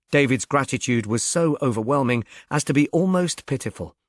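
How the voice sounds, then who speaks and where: A man narrating a novel aloud in a measured, even storytelling manner. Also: medium pitch, dry recording, clean studio sound. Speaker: audiobook reader. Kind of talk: scripted narration.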